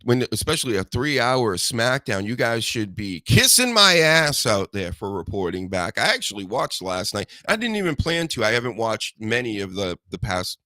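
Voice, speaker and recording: A man hosting a casual podcast chat, animated and profane, breaking into mocking voices. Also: lowish voice, moderate pace, hardly any pauses, dry recording. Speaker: podcast host.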